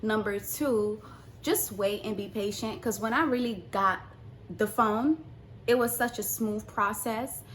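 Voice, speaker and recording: Animated young woman telling a storytime. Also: medium pitch, measured pace, a little hiss or hum. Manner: animated, acts out quotes, swings between hushed and loud. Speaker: vlogger. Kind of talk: casual storytime.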